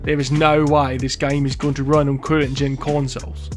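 A man doing a rough impression of a blunt male game reviewer with an Australian accent. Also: mid-range voice, little pitch movement, moderate pace, faint music behind, voice pushed down, lightly acted.

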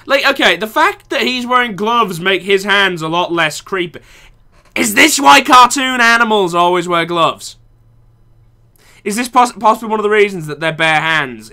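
A man's voice: high-pitched, pushed and bright. A young man in university playing a video game, reading the dialogue aloud and mocking the characters with sarcastic, profane remarks. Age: young adult. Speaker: let's play gamer.

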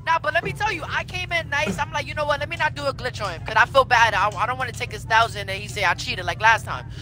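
High-voiced boastful trash-talking man. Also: fast talker, music in the background. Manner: boastful, loud, repeats taunts. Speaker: online opponent. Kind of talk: trash-talking gameplay banter.

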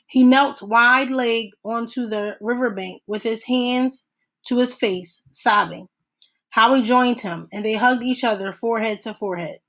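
Woman narrator, measured steady audiobook reading. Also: a little high, rough recording. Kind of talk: audiobook read-aloud.

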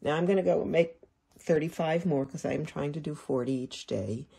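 In an easygoing sewing lesson, a quilting instructor talks to her audience while stitching. She speaks at a moderate pace in a low, dark voice with vocal fry and a touch of breathiness.

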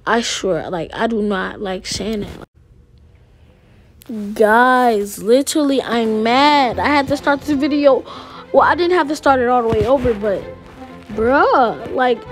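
Slow, slangy woman vlogger. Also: a little high. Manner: slangy, rambling, talks to viewers. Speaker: gaming vlogger. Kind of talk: casual game commentary with role-play.

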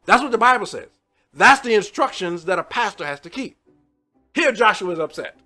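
A man preaching a sermon as pastor, swinging between loud outbursts and quiet asides, talking to the congregation in a plain, colloquial way. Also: high-pitched, animated, brisk, soft background music. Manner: colloquial, addresses the congregation as y'all.

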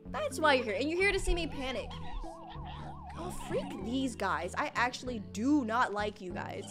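A young woman streaming live gameplay, excitable and panicky, piling up "oh my gosh" and repeating herself as she reacts. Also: high voice, music in the background. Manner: excitable, panicky, talks fast with many "oh my gosh".

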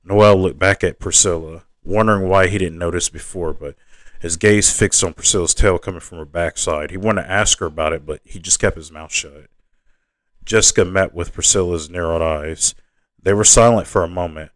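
Deep-voiced man reading his novel. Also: normal speed, dry recording. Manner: plain reading with occasional restarts. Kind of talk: audiobook narration.

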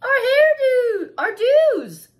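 A woman's voice: medium pitch, very animated, takes it slowly, a little mellow. A woman voicing a fretful mother who sighs and wails dramatically over setbacks. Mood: wailing. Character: fretful mother, adult woman, easily flustered.

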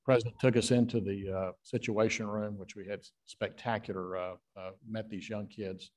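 A man, a guest author, telling rambling stage anecdotes with frequent filler pauses. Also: on the low side, fairly even intonation, darkish tone.

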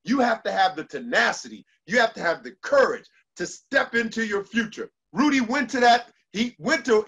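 A motivational speaker with a high-pitched, fairly bright voice addresses an online audience in a preacherly style, repeating lines for emphasis and leading call-and-response. The audio sounds dull.

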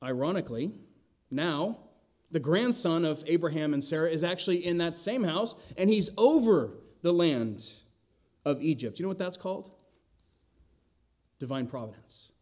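A pastor preaching an expository sermon in a church, talking conversationally with the congregation. He tosses out rhetorical questions and wry asides in a slightly higher male voice. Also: expressive, moderate pace, long pauses, a little mellow. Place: church sanctuary.

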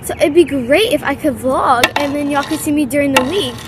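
A woman's voice: high-pitched, fairly quick, background noise. A teenage girl chatting casually in a rambling way as she vlogs outdoors. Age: teens. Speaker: vlogger. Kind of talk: casual vlog. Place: outdoors by a tennis court.

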